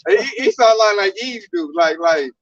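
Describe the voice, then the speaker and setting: Man, casual religious talk, emphatic, very high voice, animated, muffled lo-fi. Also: moderate pace. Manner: preachy, emphatic, slangy.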